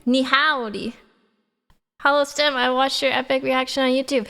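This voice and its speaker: A woman's voice: high voice, little pitch movement, moderate pace, pushed and bright, smooth. A young woman streaming, chatting casually and reading her chat aloud in a bubbly, giggly way.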